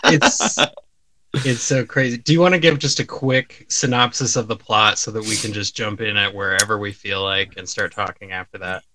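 A man's voice: on the low side, moderate pace, pushed and bright, poor audio. A man co-hosting a casual podcast, sarcastic and mock-amazed. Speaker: podcast co-host.

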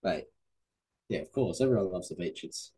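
A man's voice: sits low, lively intonation, moderate pace, dark tone, slightly rough, rough recording. A man, a guest co-host in a casual sports chat who talks in a laid-back, easygoing way. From Australia.

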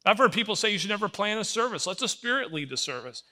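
A man's voice: high voice, fast talker. An older man preaching a sermon, telling stories with emphasis and acting out voices. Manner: animated storytelling, acts out voices, emphatic. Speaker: pastor.

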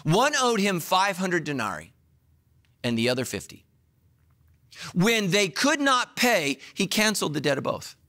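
Animated, lively-voiced male pastor. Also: unhurried, long pauses. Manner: animated storytelling, acting out dialogue with big pitch swings. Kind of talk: sermon.

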